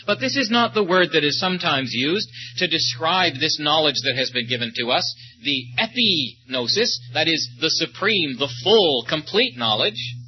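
A man preaching a sermon at a conference in a slow, emphatic way, with short storytelling asides. His voice sits a little high for a man. The recording is muffled and lo-fi, with a faint hum underneath. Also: expressive. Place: meeting or conference hall.

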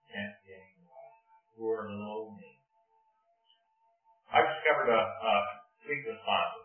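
An older man preaching a sermon, telling anecdotes with self-deprecating humor. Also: on the low side. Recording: tinny phone-like sound, distant and roomy.

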